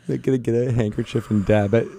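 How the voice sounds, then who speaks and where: A man's voice: mid-range voice, gravelly, warm tone, dry recording. A man co-hosting a casual podcast, bantering in a jokey, rambling way with lots of fillers and frequent laughs, recorded on a close studio mic. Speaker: podcast co-host.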